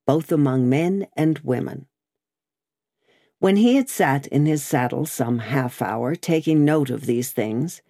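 A woman narrating a classic novel as an audiobook, in a measured storytelling manner. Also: low voice, warm tone, dry recording, clean studio sound.

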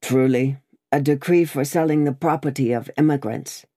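A woman voicing a calm male postmaster in a storybook reading, speaking soothingly. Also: extremely low pitch, normal speed. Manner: soothing, placating.

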